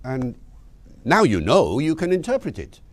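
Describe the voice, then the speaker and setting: A male lecturer speaks with a lively, swooping voice, telling anecdotes and acting out short exchanges. The sound is dry and close, with no room echo. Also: mid-range voice, measured pace. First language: English. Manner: animated storytelling, acts out dialogue. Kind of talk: lecture on language.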